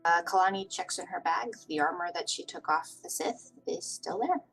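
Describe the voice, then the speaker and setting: A woman narrating a tabletop role-playing session as game master, describing scenes with patient, measured phrasing. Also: lowish voice, animated, vocal fry, fairly bright tone, husky, faint music behind, low-quality recording.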